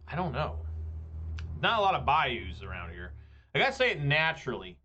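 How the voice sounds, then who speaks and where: A man's voice: mid-range voice, huge pitch swings, normal speed, pauses often, pushed and bright. A man, rambling and joking through casual gameplay commentary. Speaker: gaming video creator.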